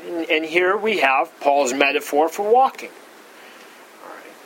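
A man with a fairly high voice leads a verse-by-verse Bible study. He hammers key words with sudden jumps in pitch and often backs up to restart a phrase. A faint hum of room noise sits under his voice. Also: lively intonation, measured pace, a bit bright, low-quality recording. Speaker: Bible teacher.

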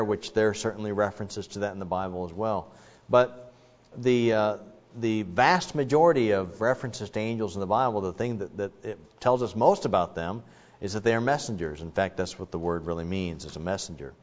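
A man giving a sermon, explaining scripture in a conversational way with frequent restarts. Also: on the low side. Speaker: pastor. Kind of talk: sermon with Bible teaching. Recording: dull sound, long hall reverb.

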